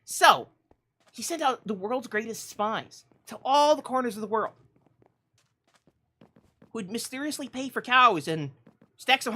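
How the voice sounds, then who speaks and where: A woman with a voice on the high side tells a theatrical mock-epic story during a game stream. She laughs a lot and lurches from booming proclamations to whispered asides.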